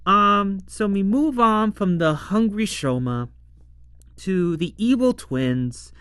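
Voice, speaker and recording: Chatty man recapping an episode, slow talker. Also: sits high, fairly bright tone, smooth, no echo, studio quality. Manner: chatty, laughs often, fillers like "you know" and "whatnot". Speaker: show reviewer and host.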